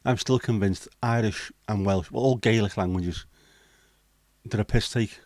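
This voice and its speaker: A man's voice: fairly low pitch, a little slow, darkish tone, no echo. A man from England hosting a livestream, reading out the chat with blunt, sweary banter. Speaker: livestream host. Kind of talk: casual live chat reading the chat.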